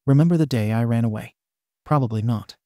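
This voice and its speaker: A man's voice: mid-range voice, brisk, dark tone, no room sound, clean studio sound, close to an everyday voice. A man voicing a bitter, scarred young male villain confronting his father in a fan fiction reading, menacing and accusing.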